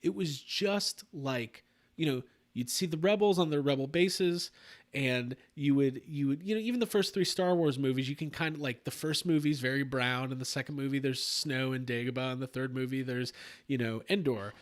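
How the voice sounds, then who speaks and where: A man hosting a casual late-night fan aftershow, rambling and animated with lots of fillers and restarts. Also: medium pitch, moderate pace. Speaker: podcast host.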